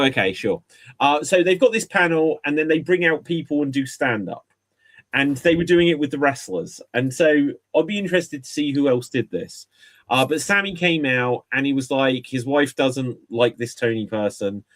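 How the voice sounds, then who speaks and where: A man co-hosting a podcast in casual chat, opinionated and rambling, with frequent restarts, heard through a video call mic. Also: medium pitch. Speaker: podcast co-host.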